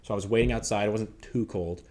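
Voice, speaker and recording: A man co-hosting a podcast, telling a personal story in a halting, reflective way full of fillers. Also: fairly low pitch, fairly even intonation, a little mellow. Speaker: podcast co-host. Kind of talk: casual storytelling chat.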